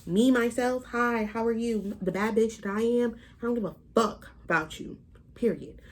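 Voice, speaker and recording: A woman's voice: fairly high pitch, normal speed. Blunt, profane young woman vlogger. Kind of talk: casual storytime rant.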